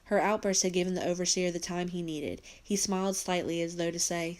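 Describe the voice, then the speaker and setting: A woman, a teacher, reading a novel aloud for her students in a steady storytelling voice. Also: fairly low pitch, a little fast, few pauses.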